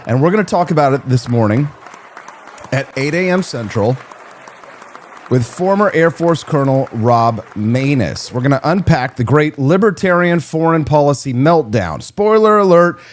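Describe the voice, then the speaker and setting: A man's voice: a little high, expressive, normal speed, some chatter behind, slight background noise. A man hosting a talk show, delivering an opinionated, sarcastic monologue and swearing freely.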